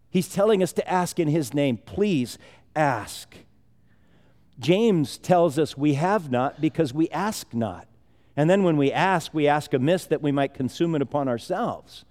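A man's voice: a little high, lively intonation, a little slow, mellow. A man preaching a sermon as pastor, talking conversationally with rambling asides and chuckles. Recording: long hall reverb.

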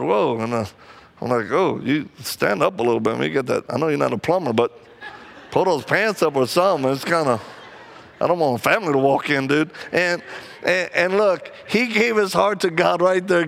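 Gravelly, animated male preacher. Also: fairly high pitch. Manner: animated, acts out quoted people, laughs often. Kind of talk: sermon with personal storytelling.

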